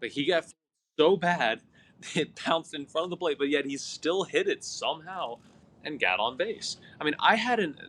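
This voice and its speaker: A man's voice: a little high, lively intonation, moderate pace, fairly bright tone, slightly rough. A man who coaches athletes, co-hosting a podcast in casual conversation and telling stories in which he quotes his athletes. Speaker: hitting coach and podcast co-host.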